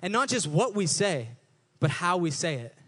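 A man's voice: high voice, very animated, moderate pace, fairly bright tone. Man preaching a casual, conversational sermon. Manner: conversational, repeats words when rephrasing. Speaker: pastor.

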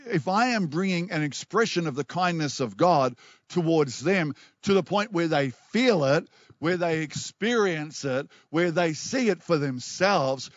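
A man preaching a passionate sermon as pastor, reading scripture aloud and stumbling over repeated words when excited. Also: on the high side, no echo, highs cut off.

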